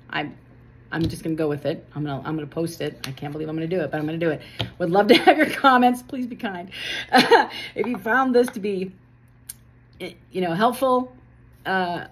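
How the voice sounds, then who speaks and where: A woman's voice: lowish voice, husky. A woman giving a casual tarot reading to camera, earnest and chatty, with a self-deprecating touch. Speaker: tarot reader.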